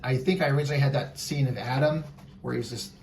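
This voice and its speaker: A comic artist and writer in a casual podcast conversation, retelling his story in an animated way. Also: medium pitch, fast talker, distant mic, slight background noise.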